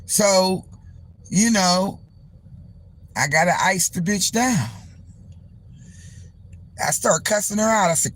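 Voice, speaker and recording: A woman hosting a live stream, telling a story in a loose, profane, animated way and acting out other people's voices. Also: medium pitch, slow, pauses often. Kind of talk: casual storytelling to a live chat.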